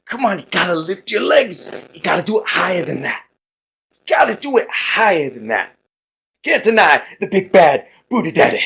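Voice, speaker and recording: A man voicing a big showman who pitches a workout program, shouting rhymes high above his own voice. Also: sing-song, normal speed, vocal fry, husky, full character voice. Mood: pushy. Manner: booming rhyming workout pitch. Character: hulking male exercise-hype showman. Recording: muffled lo-fi audio.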